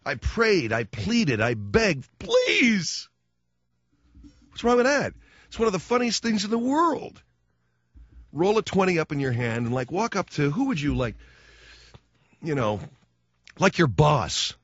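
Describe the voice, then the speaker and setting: A man's voice: on the high side, very animated, unhurried, long pauses, no echo. A man hosting a radio talk show, rambling and joking as he acts out little scenes in other voices. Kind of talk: comic radio monologue. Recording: dull, dry studio radio sound.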